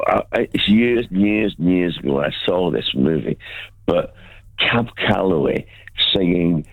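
A man's voice: low voice, animated, unhurried, no room sound. A man calling in to a radio show, enthusiastic and stumbling over his words with many restarts. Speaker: caller. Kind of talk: phone-in chat. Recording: tinny phone line.

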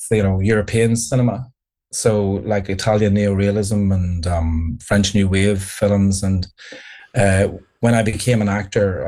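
A man's voice: fairly low pitch, darkish tone. A middle-aged Northern Irish actor chatting in a radio interview, laughing easily and often repeating words as he starts a sentence. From Northern Ireland. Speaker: actor guest.

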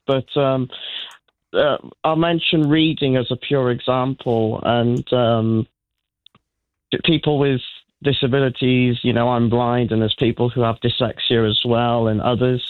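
A man calling in to a radio phone-in, eager and earnest, a little halting. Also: medium pitch, level tone, no room sound. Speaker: radio caller. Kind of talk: phone-in chat. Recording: tinny phone line.

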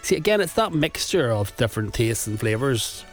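A man's voice: mid-range voice, big pitch swings, normal speed. Male radio host, jokey casual chat, music faint behind. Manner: jokey, reads listener messages. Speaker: radio presenter.

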